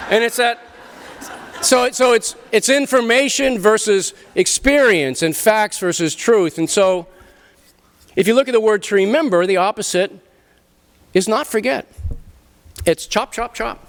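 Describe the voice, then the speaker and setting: A middle-aged man, speaking to a literary festival audience in an animated, emphatic way, often restarting his sentences and swearing casually. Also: high-pitched, unhurried, a little hiss or hum. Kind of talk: animated talk and Q&A. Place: festival venue before an audience.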